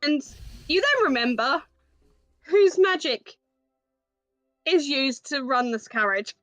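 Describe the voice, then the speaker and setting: Casting: bright high woman running a tabletop campaign, animated pitch, dry sound. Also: takes it slowly, dry recording, faint music behind, rough recording. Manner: descriptive, storytelling. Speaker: game master. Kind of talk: narrating a tabletop game.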